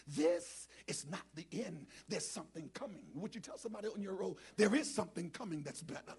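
A middle-aged man preaches as a bishop, his high voice rough and husky. He trades call and response with the congregation. He drifts between quiet, mumbled asides and loud, shouted passages. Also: expressive, normal speed. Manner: swings from low muttered asides to shouted preaching. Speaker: bishop preaching as guest speaker. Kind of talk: black church sermon with call and response. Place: church sanctuary with congregation.

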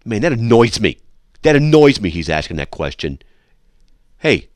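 A man's voice: on the low side, very animated, moderate pace, pauses often, no echo. A man hosting a talk radio show from a studio, lecturing sarcastically and reading listener emails aloud. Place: radio studio with a control room window.

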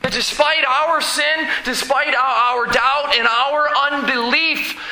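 A man preaching a sermon as pastor, slow and emphatic, with dramatic pauses. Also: very high voice, steady tone, pushed and bright, roomy sound, a little hiss or hum, poor audio.

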